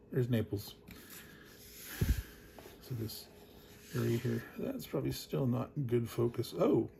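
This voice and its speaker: A man's voice: mid-range voice, lively intonation, takes it slowly, gravelly, pauses often, background noise. A man hosting a board game unboxing, talking casually, wandering off into digressions and chuckling as he goes. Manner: rambling, digressive, chuckles often.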